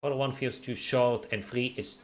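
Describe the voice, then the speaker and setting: A man's voice: mid-range voice, fairly even intonation, moderate pace. Joking young man streaming live. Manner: jokey, laughs often, teasing viewers; stumbles and repeats words. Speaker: streamer reading chat. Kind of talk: casual live-stream chat.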